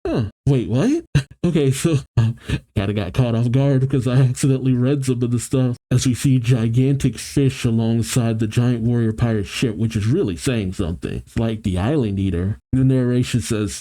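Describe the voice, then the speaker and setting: A man hosting a manga reaction, reading the story aloud and breaking off into chatty, animated commentary. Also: mid-range voice, moderate pace.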